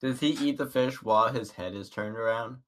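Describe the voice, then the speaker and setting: A man's voice: medium pitch, brisk. A man playing in a tabletop game, making dry jokes in casual chat. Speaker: player.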